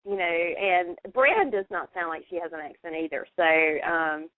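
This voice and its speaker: A woman's voice: lowish voice, expressive, moderate pace, no room sound. A woman from North Carolina with a Southern accent, co-hosting a radio chat and rambling with lots of fillers. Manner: chatty, rambling with many fillers. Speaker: radio co-host. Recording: tinny phone-like radio line.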